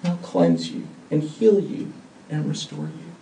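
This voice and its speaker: Swinging from quiet to loud, a male pastor gives an earnest, emphatic sermon ending in prayer, speaking expressively and a little slowly. His voice is mellow and gravelly, pitched slightly high. The roomy church audio comes from a distant mic, with slight background noise.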